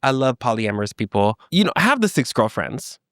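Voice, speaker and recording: A young man hosting a solo comedy podcast, chatting in an animated, sassy way and joking with plenty of swearing. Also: mid-range voice, fairly quick, no room sound, studio quality. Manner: animated, sassy, reacts and jokes freely with swearing. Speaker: podcast host.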